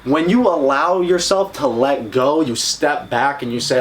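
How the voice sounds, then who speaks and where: A man's voice: a little high, expressive, unhurried, few pauses, a little hiss or hum. A man co-hosting a casual podcast, talking in a blunt, heated and profane way. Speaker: podcast co-host.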